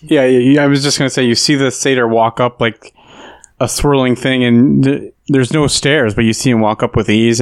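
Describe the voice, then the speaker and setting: A man's voice: mid-range voice, smooth, no echo. A man co-hosting a podcast, chatting casually and jumping in eagerly. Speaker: podcast co-host. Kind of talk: casual chat.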